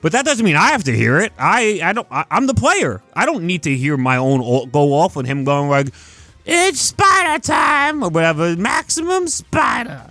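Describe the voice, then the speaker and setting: A man's voice: a little high, big pitch swings, fairly quick, few pauses, a bit bright, dry recording, soft background music. A young man hosting a casual video-game review, emphatic and swearing freely. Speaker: gaming video host.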